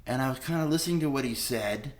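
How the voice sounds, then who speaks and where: A middle-aged man shares his recovery story as a candid personal testimony, blunt and unpolished, swearing often and re-enacting old conversations. He talks fast in a mid-range voice.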